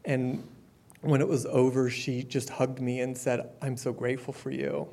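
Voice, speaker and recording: A middle-aged man giving a personal testimony at a support meeting, candid and conversational, with fillers and the odd soft laugh. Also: mid-range voice, level tone, moderate pace, gravelly. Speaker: speaker sharing his recovery story.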